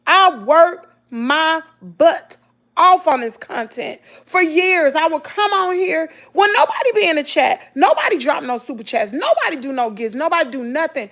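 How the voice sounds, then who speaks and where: A woman's voice: high-pitched, normal speed. A middle-aged woman with a Southern accent, talking casually and emotionally to her viewers about hard times. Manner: emotional, animated storytelling, addresses viewers as y'all. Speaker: vlogger.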